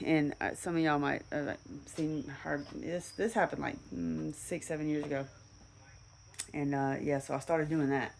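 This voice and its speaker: A woman's voice: low voice, steady tone, moderate pace, creaky. A woman casually telling a personal story in a rambling way, full of fillers and restarts.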